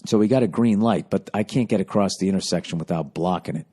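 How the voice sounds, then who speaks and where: A man hosting a comedy podcast, telling a profane, self-mocking story that swings from low mumbling to loud outbursts. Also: fast, slightly rough. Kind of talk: casual storytelling monologue.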